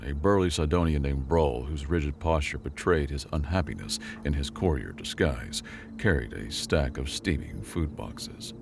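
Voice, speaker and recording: Male narrator for a sci-fi audio story, very deep gravelly voice, measured reading, faint noise underneath.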